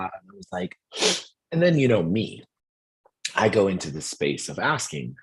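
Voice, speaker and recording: A middle-aged man with a low, husky voice, hoarse today. He tells a story casually and lively, and he slips into the voices of the people he describes. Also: normal speed. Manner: animated, acts out voices in the story. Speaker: host.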